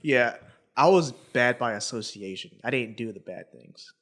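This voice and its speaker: A man's voice: medium pitch, expressive, a little slow, a bit bright. Man telling childhood stories casually. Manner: storytelling, quotes people in a raised voice. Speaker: podcast co-host. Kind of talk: casual chat.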